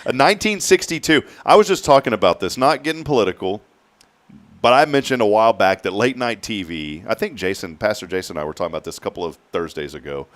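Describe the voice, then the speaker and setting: Field: man, low voice, animated storyteller. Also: fast. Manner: animated storyteller, acts out quotes. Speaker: radio show host. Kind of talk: casual morning show chat.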